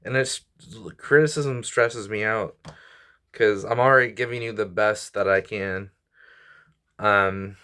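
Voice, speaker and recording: A man's voice: lowish voice, sharp tone, smooth. Frustrated young man venting with sighs. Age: 20s. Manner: frustrated, rambling, sighing, apologetic. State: stressed and weary. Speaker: YouTuber and comedian. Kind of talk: venting vlog to camera.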